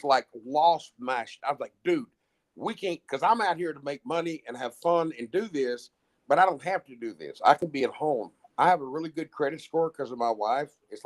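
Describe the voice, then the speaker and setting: A middle-aged man, a musician guest, telling long rambling stories in casual chat, with frequent restarts and swearing. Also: fairly high pitch. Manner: rambling, profane, many restarts. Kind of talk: casual storytelling.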